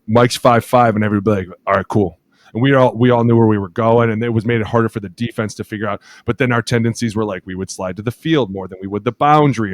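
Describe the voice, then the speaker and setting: A man co-hosting a casual podcast, a former lineman telling animated stories and acting out teammates' shouted calls, swearing freely. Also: dry recording. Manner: animated storyteller acting out teammates' calls in loud high voices.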